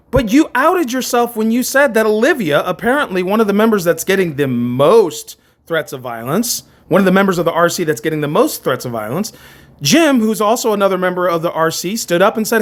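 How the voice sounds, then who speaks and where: A man with a high-pitched voice rants on his own commentary channel. He talks with heated conviction, stumbling over restarts and hammering the same phrases again and again. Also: lively intonation, normal speed. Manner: impassioned, repetitive, stammering restarts. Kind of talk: opinionated commentary rant.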